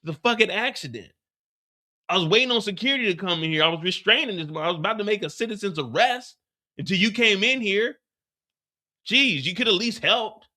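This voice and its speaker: An exasperated young man, played by a man defends himself in a rush of profanity. The voice sits high and bright and comes out quick and indignant. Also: animated, exaggerated voice. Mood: defensive. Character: defensive young man insisting it was an accident.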